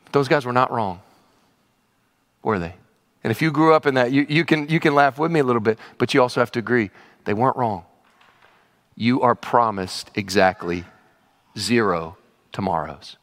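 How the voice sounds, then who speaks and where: A middle-aged male pastor preaching a sermon to a church congregation, swinging between excited high asides and low, emphatic points. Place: church sanctuary, also streamed online.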